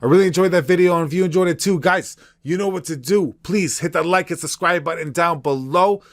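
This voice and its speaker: A chatty Canadian man talks casually through a reaction video, repeatedly calling his viewers guys. His voice sits a little higher than most men's. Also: fairly quick.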